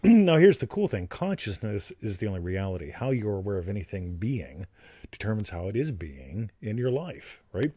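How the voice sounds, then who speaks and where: A man's voice: on the low side, big pitch swings, moderate pace, mellow, breathy edge, no echo. A man co-hosting and teaching in a playful, joking and crude way, who keeps asking "right?". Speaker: co-host and teacher. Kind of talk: casual teaching chat on a livestream.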